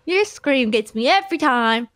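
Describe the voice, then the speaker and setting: A woman's voice: high voice, animated, moderate pace, a bit bright, no room sound, clean studio sound. A bubbly woman playing a video game with a friend, giggling and playful. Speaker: co-player. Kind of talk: casual game chat.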